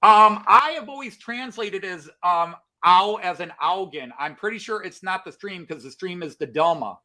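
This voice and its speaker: A man's voice: sits high, moderate pace, pushed and bright. A man co-hosting a casual live stream, explaining and thinking aloud with many fillers. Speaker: co-host of a model railroad live stream.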